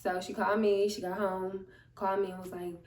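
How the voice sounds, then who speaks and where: A young woman telling a storytime vlog in an animated, chatty, slangy way. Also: medium pitch, brisk, a little hiss or hum. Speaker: vlogger. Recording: roomy, distant mic.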